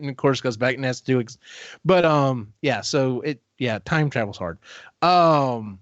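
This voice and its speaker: A man with a fairly high voice talks through a book's plot in a casual chat, slipping into quick character quotes as he goes. The recording is dry and a little muffled, with a lo-fi edge. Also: no room sound. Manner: animated storytelling, acts out quotes. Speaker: podcast host. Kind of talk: casual book discussion.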